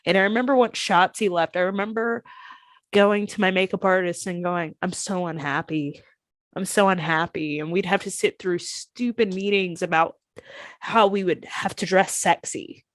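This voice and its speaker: Woman telling animated candid stories, dry close sound. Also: mid-range voice, moderate pace, no echo. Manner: animated, acts out past conversations in her stories. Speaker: professional wrestler guest. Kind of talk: candid interview storytelling.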